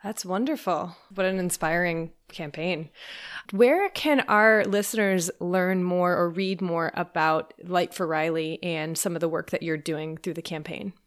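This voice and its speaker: A woman co-hosting a podcast in a bubbly, casual way, often breaking into laughter. Her voice sits a little low. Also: unhurried. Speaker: podcast co-host.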